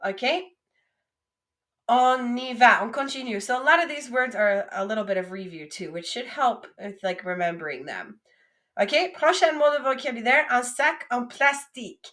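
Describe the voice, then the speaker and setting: A young adult woman teaching a French vocabulary lesson, modelling each word slowly and coaxing her students to repeat after her. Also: a little high, lively intonation, sharp tone. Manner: slow, drawn-out modelling of each French word, then quick English asides.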